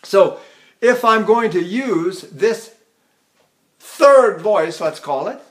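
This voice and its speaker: Older male voice teacher, high-pitched speaking voice. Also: expressive, slow pace. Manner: chatty and anecdotal, breaks into sung opera demonstrations; addresses students directly with frequent "see?". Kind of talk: recorded lecture on vocal technique.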